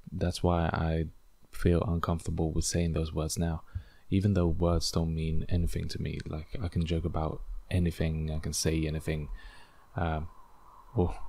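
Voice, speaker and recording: A man's voice: extremely low pitch, vocal fry, a little mellow. A man hosting a casual solo podcast, rambling and self-deprecating with lots of fillers, English not his first language. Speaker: podcast host.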